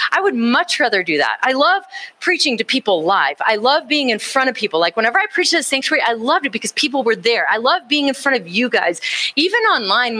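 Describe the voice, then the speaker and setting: High, bright-voiced woman preaching live. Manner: animated, conversational, rising emphasis. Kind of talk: live sermon, casual and personal.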